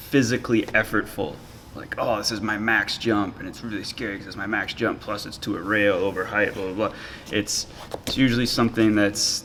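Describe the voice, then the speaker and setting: A man co-hosting a podcast, reading listener questions and answering in a thoughtful, halting way. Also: fairly low pitch, fairly bright tone, slight background noise. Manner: thoughtful, halting, restarts phrases. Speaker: podcast co-host. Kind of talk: casual chat.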